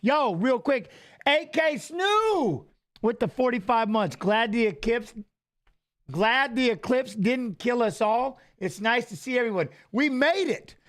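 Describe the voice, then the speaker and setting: A man with a high voice hosts a loose, casual live stream. He talks excitedly, calls out viewers by name and repeats his lines for emphasis. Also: unhurried. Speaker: livestream host reading chat.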